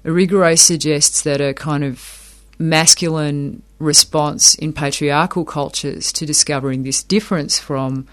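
A thoughtful man with a fairly high voice talks through academic ideas in an interview. He circles back and repeats words as he works each point out. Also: steady tone, unhurried, hardly any pauses. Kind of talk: explanatory interview talk.

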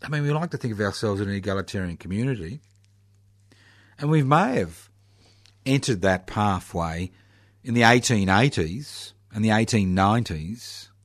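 A man's voice: lowish voice, lively intonation, no echo, studio quality. A man giving a sardonic political monologue full of rhetorical questions, leaning hard on key words. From Australia. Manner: sardonic, rhetorical questions, slow emphatic stresses.

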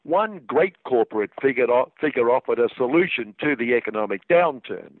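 A man's voice: medium pitch, expressive, normal speed, hardly any pauses, dry recording. A man delivering scripted satirical commentary on the radio, with a dry, sarcastic manner. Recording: tinny phone-like radio sound.

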